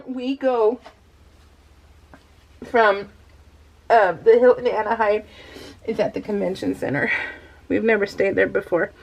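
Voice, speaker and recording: Slow and creaky, with long pauses, a medium-pitched middle-aged woman narrates a story in a casual voice-over, and the sound is lo-fi. She's a scrapbooking vlogger who laughs frequently and coughs occasionally while recovering from tonsil removal.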